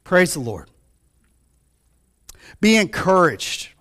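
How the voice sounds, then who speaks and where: Fervent high-voiced male pastor preaching. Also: very animated, slow, fairly bright tone. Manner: fervent, rises and drops sharply in pitch and volume; calls out to the congregation. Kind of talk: sermon.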